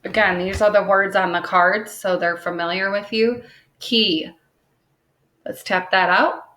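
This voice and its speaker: A woman's voice: medium pitch, steady tone, pushed and bright. A woman teaching a phonics lesson to young children, patiently sounding words out and checking in with "okay?" after each point. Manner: sounds words out slowly, tapping syllables. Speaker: second grade teacher. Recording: roomy echo.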